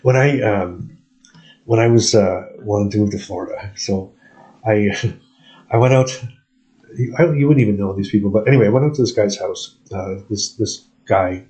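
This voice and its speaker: A man's voice: on the low side, moderate pace, mellow, rough recording. A man from Canada telling rambling stories in casual chat, restarting sentences and laughing often.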